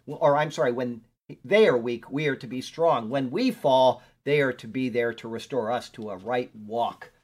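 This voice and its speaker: A man teaching a Bible study as a pastor, chatting casually, stopping to look up verses, and reading scripture aloud with emphasis. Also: medium pitch. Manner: conversational, digresses while looking up verses.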